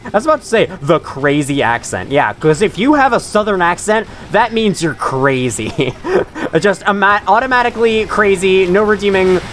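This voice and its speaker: Male let's-play host, chatty and jokey, pitch a touch high and bouncing all over, quick to laugh. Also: animated, a bit bright, a little hiss or hum. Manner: chatty, joking, laughs often. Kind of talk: gaming commentary.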